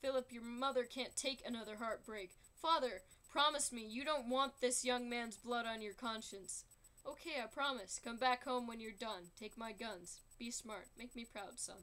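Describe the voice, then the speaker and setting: A grave, worried father giving low, soothing counsel, as a woman sings him along with a musical. She drops below her usual pitch. The tone stays bright underneath. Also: normal speed. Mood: stern. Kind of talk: singing along while drawing.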